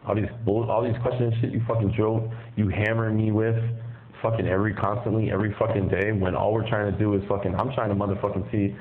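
A man's voice: fairly low pitch, flat delivery, quick pace, a little hiss or hum. A man calling from jail on a tinny phone line, talking in a profane, aggressive and threatening way. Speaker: inmate on a jail call. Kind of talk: heated phone argument.

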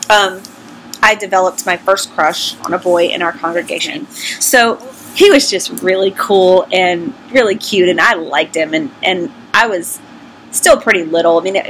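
A woman's voice: on the low side, fairly bright tone, slight background noise, low-quality recording. A middle-aged woman with a Southern US accent, candidly and self-deprecatingly telling personal stories to her vlog audience in a casual, conversational way. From American South. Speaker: vlogger.

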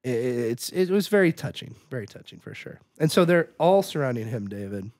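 A man co-hosting a podcast in a casual film discussion, animated and acting out scenes in exaggerated voices. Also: mid-range voice, fairly quick, dry recording, studio quality. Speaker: podcast co-host.

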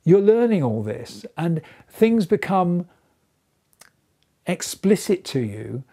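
Older male craftsman, low dark gravelly voice, thoughtful explainer. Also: very animated, takes it slowly. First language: English. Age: 70s. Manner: thoughtful, explanatory, with small restarts and soft asides. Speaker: letter carver. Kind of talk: documentary interview.

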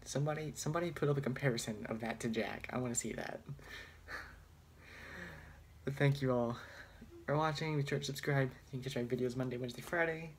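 A man's voice: medium pitch, fairly quick, long pauses, slight background noise. A young man vlogging casually on his phone, rambling and hesitant with a self-deprecating manner. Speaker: student vlogger. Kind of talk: casual chat.

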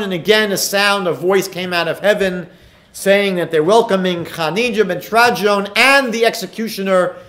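A man's voice: high-pitched, fairly bright tone. A man, a rabbi giving a lecture, retelling Talmud stories and asking emphatic rhetorical questions. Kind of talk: recorded lecture.

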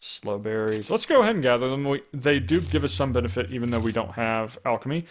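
A man's voice: mid-range voice, expressive, fast talker. A man giving casual gameplay commentary, thinking aloud with wry asides and frequent restarts. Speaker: let's play commentator.

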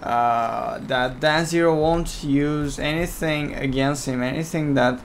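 A man's voice: a little high, slow pace, creaky, slight background noise. A man whose first language is Romanian, casually commentating a strategy game match with a friend, chatty and getting heated when he argues.

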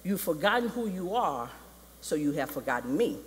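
A solemn, commanding lion king father speaking from beyond, as a preacher puts him on, a little lower than the man's high voice. A long hall reverb trails each word. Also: sing-song, moderate pace, slight background noise.

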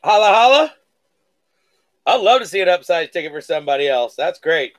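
A man's voice: a little high, expressive, fast talker. A man hosting a live card-breaking stream, reading out pulls with hype catchphrases and playful mock-cursing.

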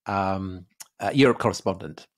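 A man's voice: sits low, normal speed. Chatty Englishman telling a story. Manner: chatty storyteller, laughs often, many fillers. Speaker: podcast host. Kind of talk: casual history podcast chat.

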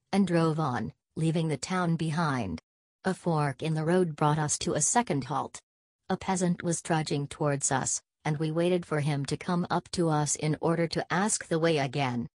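A woman narrates an audiobook in a steady, measured way. Her voice is low-pitched and the recording is close and completely dry. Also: no room sound. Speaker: audiobook reader. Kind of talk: scripted narration.

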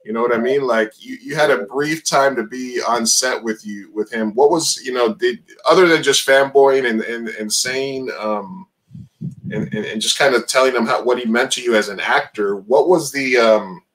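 A man's voice: mid-range voice, normal speed, fairly bright tone, rough recording. Rambling male podcast host asking questions. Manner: rambling questions, frequent fillers. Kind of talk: casual interview chat.

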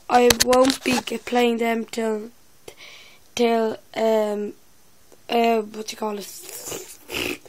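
A woman's voice: a little high, darkish tone. Young woman with a lisp, rambling. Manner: rambling, filler-heavy, self-mocking. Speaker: YouTuber. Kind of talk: casual vlog chat.

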